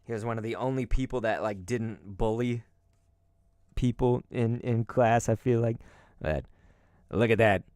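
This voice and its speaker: A man's voice: mid-range voice, steady tone, measured pace, pauses often, a little mellow, no echo, clean studio sound. A man hosting a card-opening video, chatting casually in a rambling, nostalgic way with many asides to viewers. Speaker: YouTube host opening collectible cards. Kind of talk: casual chat.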